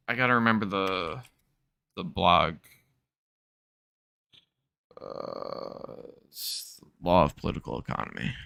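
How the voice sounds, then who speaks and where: A man streams casual commentary in a nasal, smooth, low voice, speaking slowly and dead dry close to the mic. He rambles, breaks off mid-thought and swears freely. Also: pushed and bright, no echo. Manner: rambling, self-interrupting, sprinkled with profanity.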